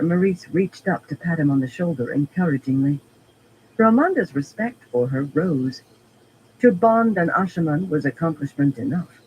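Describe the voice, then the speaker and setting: Man reader, somewhat high voice, steady audiobook narration, faint background hum. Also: rough recording.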